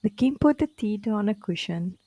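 A woman reading a children's storybook aloud, slowly and clearly, with expressive delivery. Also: medium pitch, no room sound, muffled recording. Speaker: storybook reader.

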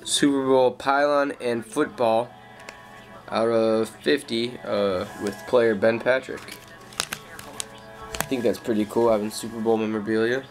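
A young man calmly listing off his trading cards in a casual showcase, with slang and frequent fillers. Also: mid-range voice, unhurried, faint music behind. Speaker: card collector.

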